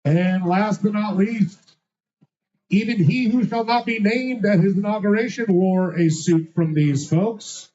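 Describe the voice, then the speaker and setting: A man's voice: sits high, a little slow, warm tone. A man hosting a live trivia night, reading out answers with a teasing, sarcastic manner. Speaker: trivia host. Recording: dull lo-fi sound.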